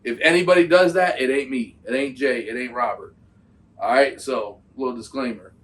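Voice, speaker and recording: A man hosting a reaction video, speaking casually with loose, slangy, animated talk. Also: medium pitch, moderate pace, far from the mic. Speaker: host reacting to a trade video.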